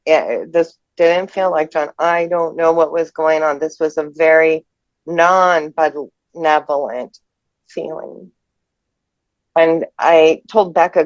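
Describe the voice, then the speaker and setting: A tearful woman in her fifties telling a personal ghost story in a halting, emotional way. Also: sits low, dry recording. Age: 50s. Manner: halting, emotional, restarts mid-sentence. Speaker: person sharing a ghost experience. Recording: dull lo-fi dry audio.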